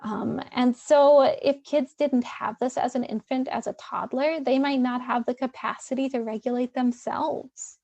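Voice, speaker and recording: A woman's voice: sits high, steady tone, measured pace, vocal fry, few pauses, a little mellow, dry recording. A woman therapist presenting a webinar in a loose, conversational way, with many fillers and restarts.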